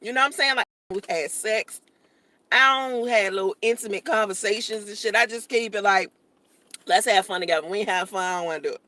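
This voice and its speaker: A woman's voice: mid-range voice, a little fast, bright, forceful tone, no echo. A young woman vlogging casually from her parked car while eating, chatty and joking, talking with her mouth full.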